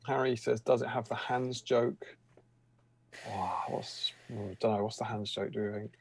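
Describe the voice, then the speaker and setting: A man's voice: lowish voice, steady tone, moderate pace, vocal fry, slightly rough. A man co-hosting a casual painting stream, reading out viewer comments with a joking manner. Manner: jokey, reads out chat messages aloud.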